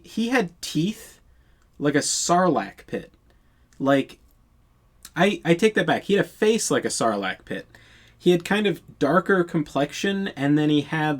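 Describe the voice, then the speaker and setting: A man telling a storytime tale in a casual monologue, exasperated and profane, rambling with many restarts. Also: on the high side.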